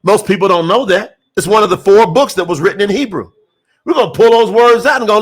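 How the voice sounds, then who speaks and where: A man preaching an impassioned sermon, repeating phrases for emphasis and reading scripture slowly. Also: high voice, breathy edge. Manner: reads scripture slowly, word by word. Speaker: preacher promoting a scripture translation.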